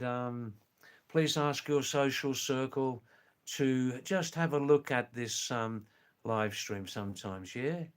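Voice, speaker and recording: An older retired man from England and Australia, hosting a live stream, reading viewer comments aloud in a slow, gentle, repetitive way. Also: mid-range voice, clean tone. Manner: slow, gentle and repetitive, often says "you know" and "yes".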